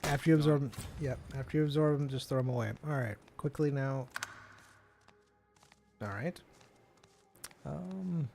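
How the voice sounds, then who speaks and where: A man running a tabletop game, calmly explaining rules step by step to a player. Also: mid-range voice, fast, few pauses, faint music behind. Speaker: game master.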